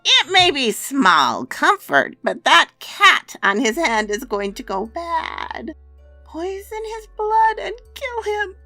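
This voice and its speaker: A woman voicing a cruel old witch who cackles and mocks in a shrill, loud voice over faint music. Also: wildly swooping pitch, slow pace, no echo, full character voice. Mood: taunting. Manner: mocking, gleeful, loud.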